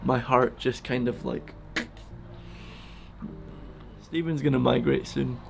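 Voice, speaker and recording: A man talking casually and emotionally in a vlog, soft and halting, close to tears. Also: medium pitch, steady tone, vocal fry, faint music behind. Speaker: vlogger feeding a wild bird. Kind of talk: casual heartfelt vlog talk.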